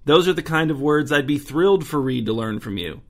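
A man's voice: fairly high pitch, lively intonation, a little fast. A man reading the part of a tired, earnest young mother in a story.

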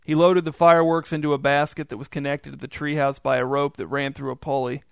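A man reading a story aloud in an even, measured way. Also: on the high side, gravelly, smooth, no room sound. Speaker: narrator.

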